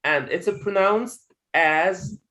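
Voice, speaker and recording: A man's voice: sits high, sharp tone, poor audio. Man teaching pronunciation on a video call. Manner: repeats words and phrases slowly for students. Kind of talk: online class teaching.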